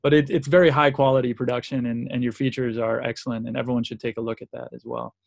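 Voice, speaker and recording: A man's voice: mid-range voice, flat delivery, fast talker, vocal fry. A man hosting a labour podcast, earnest, asking long and winding interview questions. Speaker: podcast host.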